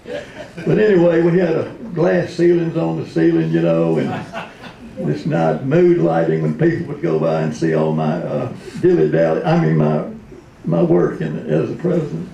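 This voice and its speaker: A man's voice: a little high, sing-song, moderate pace, vocal fry, mellow, lo-fi sound, pitched above the performer's own voice, full character voice. A man putting on a folksy, rambling older male politician. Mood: joking. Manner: drawling, chuckling, rambling. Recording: roomy hall.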